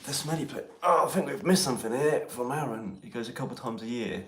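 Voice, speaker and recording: A man's voice: medium pitch, animated, fast, roomy sound, slight background noise. An English man hosting a casual live chat, joking and laughing with his mate. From England. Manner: banter and laughing. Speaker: live stream host. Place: outdoors near Ely.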